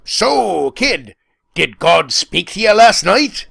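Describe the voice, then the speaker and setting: A man voicing a brusque, dismissive old male high priest, talking in a storybook retelling. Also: very animated, slow pace, vocal fry, a bit bright, husky, dry recording, clean studio sound, full character voice. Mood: offhand.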